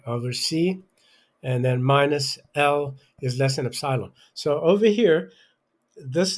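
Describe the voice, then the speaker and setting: A man explaining a calculus proof in an angry, abusive rant, hurling insults and leaning on "okay?". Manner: abusive, insulting, pitch rising in outbursts; hesitant restarts, repeated "okay?". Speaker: self-styled math lecturer. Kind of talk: angry math rant over a worked example.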